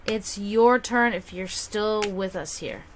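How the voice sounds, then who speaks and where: A woman with a German accent carrying a slight Slavic touch, a native German speaker, chatting bubbly and casually as a psychic reader hosting a livestream. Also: slight background noise. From half German, half Serbian. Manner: chatty, bubbly, quick swings in pitch and loudness.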